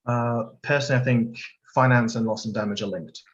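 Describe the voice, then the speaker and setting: A man's voice: medium pitch, fairly even intonation, a little fast, lo-fi sound. A man on a video call discussing climate finance in a live online panel, hesitant and hedging with lots of fillers. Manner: hesitant, full of fillers and hedges.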